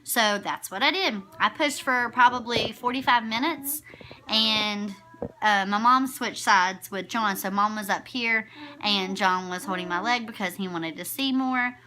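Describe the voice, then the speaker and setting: Bright-voiced young mother rambling casually. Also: mid-range voice, a little slow, a little hiss or hum. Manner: chatty, rambling, self-correcting. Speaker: new mother. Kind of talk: casual storytelling to camera.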